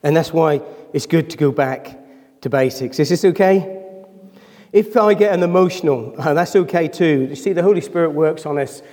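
A man's voice: fairly high pitch, normal speed, mellow, big-room sound. A man preaching a sermon as pastor. He talks emotionally, nears tears, and keeps asking his congregation questions. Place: church hall.

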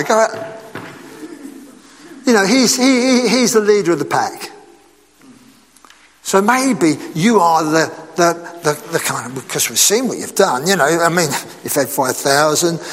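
A man preaching a sermon in a lively, conversational way, asking his listeners rhetorical questions. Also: a little high, unhurried, in a large hall.

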